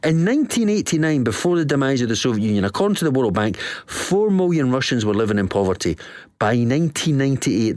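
A man's voice: mid-range voice, sing-song, fast talker, darkish tone, no echo. A man hosting a political interview show, asking emphatic, rhetorical questions. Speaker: show host.

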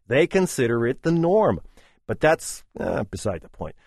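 Sardonic middle-aged radio host. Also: male voice, medium pitch, very animated, moderate pace, gravelly, darkish tone, no echo, studio quality. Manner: sardonic, opinionated. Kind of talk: radio talk show.

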